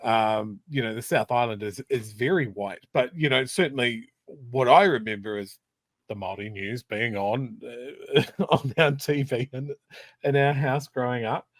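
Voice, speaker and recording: A man's voice: mid-range voice, unhurried, no echo. New Zealand man in casual chat. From South Canterbury, New Zealand. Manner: conversational, animated storytelling. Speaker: podcast co-host.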